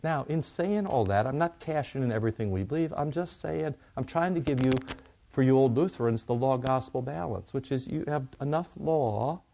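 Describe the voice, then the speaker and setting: A man's voice: mid-range voice, moderate pace, gravelly, warm tone. A man preaching a sermon in a conversational way, often asking questions and answering them himself.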